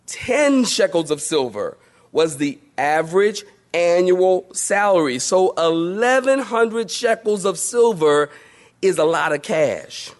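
A man preaching a sermon in a lively storytelling manner, asking the congregation rhetorical questions. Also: high-pitched, takes it slowly. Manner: animated, storytelling, acts out voices, rhetorical questions. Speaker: pastor.

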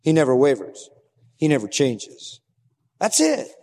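A man's voice: mid-range voice, wildly swooping pitch, unhurried, darkish tone, big-room sound. A man preaching a sermon as pastor, emphatic, asking the congregation rhetorical questions.

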